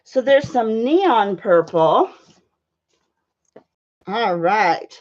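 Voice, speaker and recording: A woman with a high voice chats loosely with her viewers while painting live, greeting them by name and filling her sentences with "you know" and "um". Her audio sounds dull and lo-fi, like a home stream mic. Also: lively intonation, very slow, a little mellow. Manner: chatty, friendly, many fillers, greets viewers by name.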